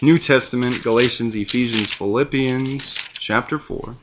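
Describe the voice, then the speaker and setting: A man's voice: mid-range voice, normal speed, highs cut off, noisy background. A man preaching a sermon, explaining scripture and reading verses aloud with earnest emphasis.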